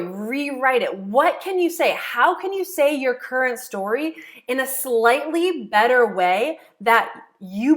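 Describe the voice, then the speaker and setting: A woman's voice: on the high side, fairly bright tone. A woman coach teaching a self-help method step by step, repeating key phrases and checking in with rhetorical questions. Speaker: law of attraction coach. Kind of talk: explanatory teaching monologue.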